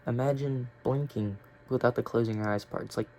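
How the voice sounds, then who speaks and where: A man's voice: mid-range voice, fairly even intonation, a little fast, darkish tone. Rambling, profane young man with faint hiss. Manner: rambling, profane, filler-heavy. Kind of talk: casual storytelling vlog.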